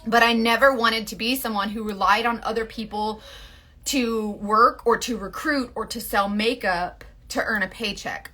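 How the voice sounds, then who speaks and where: She has a mid-range, pushed and bright voice. In her forties, she rambles casually about leading a makeup sales team, peppering it with "like," asides, and self-interruptions.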